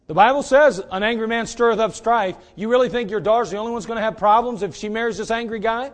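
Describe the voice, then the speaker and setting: A man preaching a sermon in a folksy, direct way, swinging between loud emphasis and quiet asides. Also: high-pitched, fast talker, few pauses.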